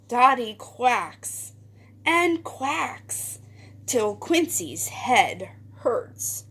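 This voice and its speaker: A woman's voice: a little high, very animated, very slow, a bit bright, husky. A woman teacher leading a phonics lesson for young children, reading a storybook aloud in a sing-song way with whispered parts.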